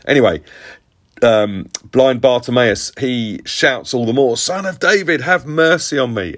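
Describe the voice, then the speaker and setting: A man leading a devotional, reading a Bible passage aloud and then teaching on it in an earnest, conversational way. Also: on the low side. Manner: earnest and animated, with conversational asides. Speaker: pastor.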